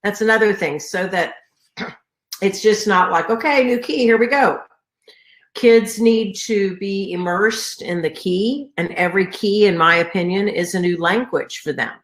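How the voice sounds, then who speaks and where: A woman's voice: medium pitch, a little slow. A middle-aged woman, congested from a sinus infection, giving an earnest conference talk on teaching choir, full of fillers and restarts. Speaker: choral music educator. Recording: echoey room recording.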